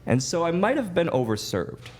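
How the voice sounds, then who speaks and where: A man from Wisconsin, USA, appears as a guest telling stories casually and self-deprecatingly, laughing a lot. His voice is on the high side with a darkish tone, big pitch swings, and normal speed.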